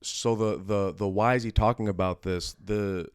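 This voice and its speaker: Recorded with studio clarity and no echo, a podcast host speaks in a steady, clean, somewhat low voice. His casual talk is earnest, emotional and reflective, and it keeps breaking off as he restarts sentences.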